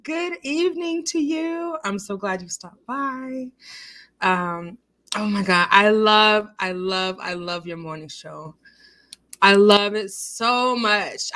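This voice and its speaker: A woman's voice: on the high side, pushed and bright. A tipsy woman casually chatting on a livestream in an echoey room at home, giggling and greeting viewers. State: a little tipsy. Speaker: livestream host.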